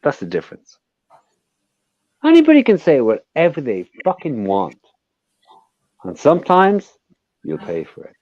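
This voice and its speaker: A man's voice: fairly high pitch, huge pitch swings, a little slow, long pauses, darkish tone, no room sound, dull audio. An Irish man hosting a casual live chat, blunt and emphatic with heavy swearing. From Ireland.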